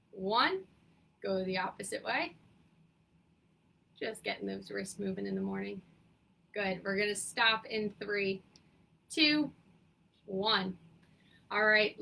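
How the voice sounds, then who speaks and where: A young woman leading a seated exercise class, with a raspy morning voice, counting down and giving encouraging cues. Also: mid-range voice, bright, forceful tone, poor audio. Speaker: fitness instructor.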